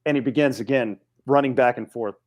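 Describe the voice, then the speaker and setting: A man in his forties, a podcast guest telling a story in a casual, animated way with frequent restarts. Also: mid-range voice, a little fast. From United States.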